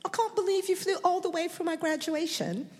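A woman's voice: brisk, big-room sound. A woman putting on a cheerful young British niece. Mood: delighted. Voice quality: high bright put-on voice.

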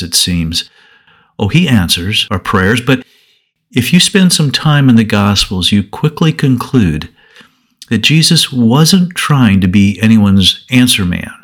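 Devotional storyteller, male, low voice, slow, earnest delivery with pauses. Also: a bit bright. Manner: measured, earnest, dramatic pauses. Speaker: devotional speaker.

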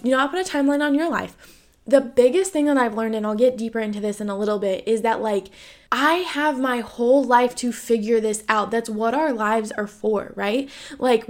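Young woman, podcast host, candid monologue, blunt and sweary, lots of "like", slightly high voice. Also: a little mellow. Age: 20s. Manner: frank, swears freely, lots of "like" fillers. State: has the hiccups.

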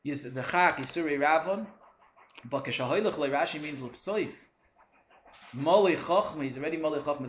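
A man giving an animated Torah lecture, switching between English and Hebrew terms and acting out complaints. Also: on the high side. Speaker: Torah teacher. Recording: echoey room with faint hum.

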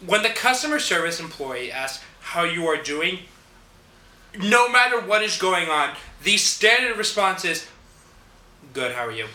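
A man's voice: sits high, big pitch swings, unhurried, sharp tone, distant mic. A young man in a casual chat, blunt and joking, swearing often. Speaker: podcast co-host. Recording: echoey room with faint noise.

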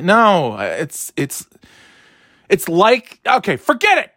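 A man's voice: high voice, wildly swooping pitch, slow pace, fairly bright tone, no room sound, studio quality. A middle-aged man ranting casually, swearing often, sarcastic and grumbling, often stumbling and restarting his words. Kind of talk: rambling casual rant.

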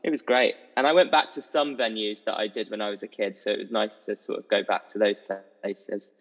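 A young man, a musical theatre performer, telling stories as a guest in an animated, giggly way. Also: on the low side, fairly quick. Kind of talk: casual chat. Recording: dull audio with long reverb.

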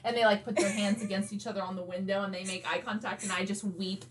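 A woman's voice: medium pitch, little pitch movement, quick pace. A woman co-hosting a podcast in casual chat, rambling through stories and laughing a lot. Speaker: podcast co-host.

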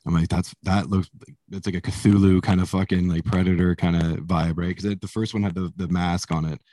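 Low-voiced man telling rambling stories. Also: level tone, brisk, dark tone, no room sound. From Canada. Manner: rambling, swears a lot, laughs while telling stories. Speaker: musician guest. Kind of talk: casual interview chat.

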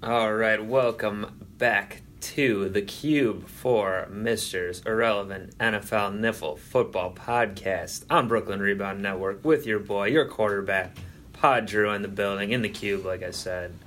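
Low-voiced young man hosting a podcast. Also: measured pace, a bit bright, a little hiss or hum. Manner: jokey, banter-driven, rambling. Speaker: podcast host. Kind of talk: casual sports podcast chat.

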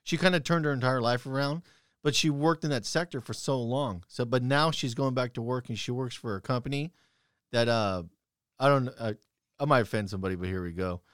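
A man's voice: medium pitch, a little fast, a bit bright, no echo, clean studio sound. A young man telling stories bluntly and profanely in casual chat, quoting his own heated retorts.

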